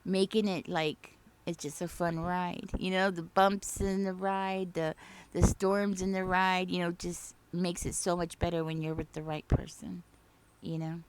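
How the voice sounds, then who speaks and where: A woman's voice: lowish voice, little pitch movement, measured pace, clean tone. A woman giving a casual spoken tarot reading, chatty and reassuring, often tagging her sentences with "okay?" and "you know?". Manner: sings song snippets softly. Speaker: tarot reader.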